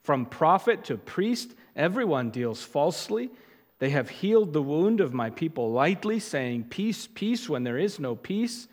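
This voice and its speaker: A man preaching an expository sermon, stressing key words loudly and dropping to quiet asides. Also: fairly high pitch, big pitch swings. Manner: emphatic, deliberate, swings from loud stresses to quiet asides. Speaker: pastor. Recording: long hall reverb.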